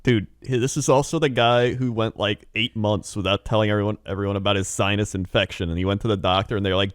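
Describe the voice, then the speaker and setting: A man's voice: on the low side, steady tone, fast talker, hardly any pauses, no room sound, clean studio sound. Laughing man telling rambling stories. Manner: rambling storyteller, laughs often, acts out quotes. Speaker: podcast co-host. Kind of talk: casual chat.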